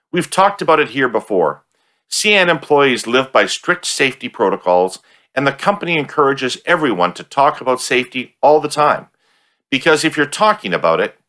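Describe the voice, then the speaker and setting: Bright and forceful in tone, this mid-range male voice belongs to a Canadian political podcast host. He trades blunt banter with his guest during the interview and also delivers a sponsor read.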